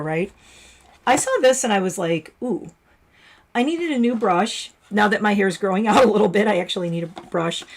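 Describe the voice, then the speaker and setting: A middle-aged woman, a retired hairstylist chatting casually to livestream viewers while unboxing and reading labels aloud. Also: mid-range voice.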